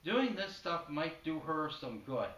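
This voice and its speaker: Man putting on a foul-mouthed paranoid sitcom dad, gruff profane outbursts, bright edge, echoey room. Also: fairly high pitch, very animated, a little slow. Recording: echoey room, distant mic.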